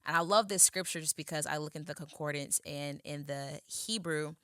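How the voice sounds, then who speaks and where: A woman co-hosting a faith talk show, energetic and encouraging, turning reflective when she teaches from scripture. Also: low-pitched, normal speed, hardly any pauses, clean tone, no echo, studio quality. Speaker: co-host.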